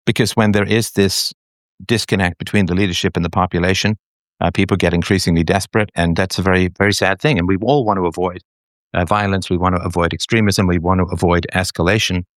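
A man hosting a call-in show, talking in a measured, reflective way with fillers and repeated phrases. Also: sits low, steady tone, no room sound, studio quality. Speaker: show host taking callers.

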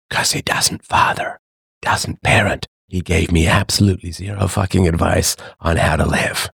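A middle-aged man hosting a livestream, talking to his chat in a sarcastic, animated monologue. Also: normal speed, vocal fry, slightly rough, no echo, clean studio sound. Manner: animated, sarcastic, mimics others in higher voices. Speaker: livestream host. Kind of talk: casual monologue to live chat.

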